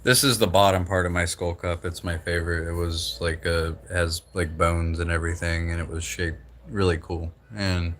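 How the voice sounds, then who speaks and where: A man's voice: low-pitched, flat delivery, moderate pace, a bit bright, slight background noise. A young man from the Southern United States with a slight Southern drawl, rambling casually and profanely while hosting a livestream. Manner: rambling, profane, laid-back. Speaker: livestream host.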